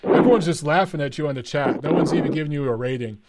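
Male talk show host, laid-back and jokey, slightly high voice. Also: fast talker, heavy background noise. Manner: laid-back, joking, says bro and man. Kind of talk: casual call-in chat.

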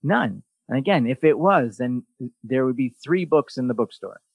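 A man's voice: mid-range voice, moderate pace, gravelly, breathy edge, no room sound. A man hosting a podcast in casual chat, telling stories bluntly with lots of swearing and sarcastic, mocking asides. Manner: blunt, profane, animated storytelling. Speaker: podcast host.

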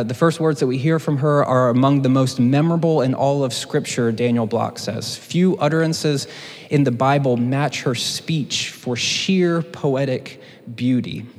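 Male preacher, casual teaching tone with jokes, mid-pitched voice, long hall reverb. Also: darkish tone. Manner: conversational, joking asides. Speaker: teaching pastor. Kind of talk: sermon teaching.

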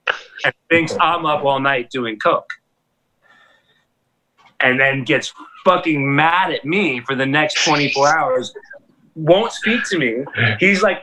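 Middle-aged male host, bright voice, loose, profane, animated storyteller. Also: a little high, slow, pauses often, poor audio. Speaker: DJ and podcast host. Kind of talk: casual storytelling chat.

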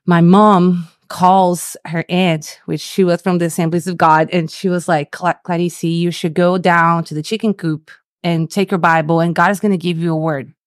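Brazilian-born woman telling an animated story. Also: lowish voice, normal speed, no echo, studio quality. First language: Portuguese. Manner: animated storyteller who laughs easily. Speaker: Portuguese school director. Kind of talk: casual interview storytelling.

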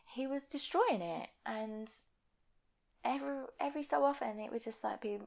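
A young woman, speaking candidly and haltingly in a personal interview, sometimes dropping to a near whisper. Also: on the high side, creaky, darkish tone, muffled recording. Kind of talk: personal testimony.

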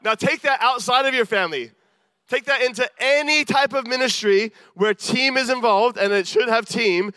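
A man delivers a sermon in an earnest, self-deprecating manner and acts out the people he quotes. His voice sits high for a man. The sound is dry and close, with no room echo. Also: normal speed, sharp tone. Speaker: preacher.

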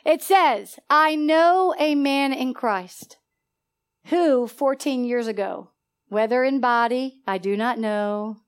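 A woman preaching a sermon in a church, animated and emphatic, asking the congregation call-and-response questions and laughing between points. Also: high-pitched, takes it slowly, smooth. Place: church sanctuary.

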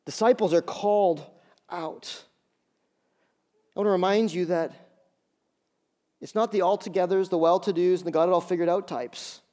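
A man's voice: sits high, steady tone, moderate pace, pauses often, warm tone. A man preaching a sermon as pastor, emphatic, repeating phrases and acting out bits of dialogue. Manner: acts out dialogue in quotes.

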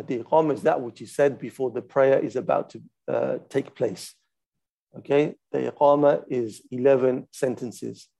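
A man's voice: medium pitch, gravelly, mellow. A man teaching a lesson on a classical religious text, methodical and patient, stopping to demonstrate how each phrase is recited. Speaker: Islamic studies teacher.

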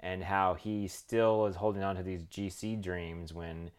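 A man co-hosting a casual cycling podcast, talking in an excitable, hesitant way with lots of ums. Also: low-pitched, unhurried, smooth. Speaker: podcast co-host. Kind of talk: casual chat.

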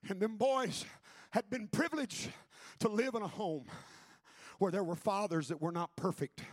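Pastor, male, high husky voice, fiery Pentecostal preaching, dry close sound. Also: normal speed, no room sound. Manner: shouted preaching with rising intensity, then quiet storytelling. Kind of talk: Pentecostal sermon.

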